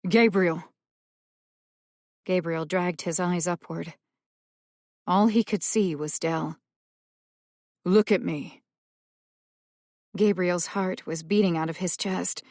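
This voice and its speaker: Slow, low-voiced woman audiobook narrator. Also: steady tone, a little mellow, no room sound, studio quality. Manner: measured, tense storytelling. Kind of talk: scripted narration.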